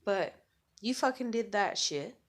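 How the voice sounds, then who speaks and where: Speaking at a measured pace, a woman with a medium-pitched voice and lively intonation vents to camera in a furious vlog monologue. She curses a lot and stays blunt and bitter, repeating and restarting words as she gets worked up.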